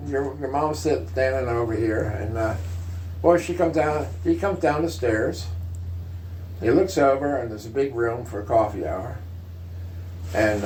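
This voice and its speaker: A man's voice: mid-range voice, darkish tone, a little hiss or hum, poor audio. An older man telling a family story casually, rambling with many fillers and laughing asides. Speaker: storyteller, uncle.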